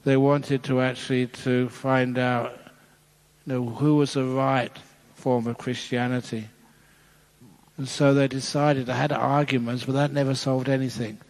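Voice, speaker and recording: A male Buddhist monk giving a dharma talk, telling a playful story and chuckling at his own jokes. His voice sits at a middle pitch for a man, and it rings with a long reverb from a large hall. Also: flat delivery, unhurried, a little mellow.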